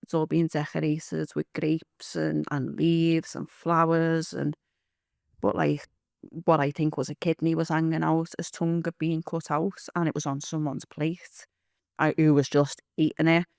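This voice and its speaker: A woman's voice: low-pitched, little pitch movement, unhurried, vocal fry, a little mellow, no echo, clean studio sound. A woman giving blunt, rambling testimony, swearing freely as she tells her story. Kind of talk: candid storytelling.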